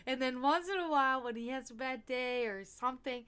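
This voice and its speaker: Woman host, fairly high voice, loose rambling chat, frequent swearing and laughter. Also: brisk, fairly bright tone, smooth. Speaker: stream host. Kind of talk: casual livestream chat.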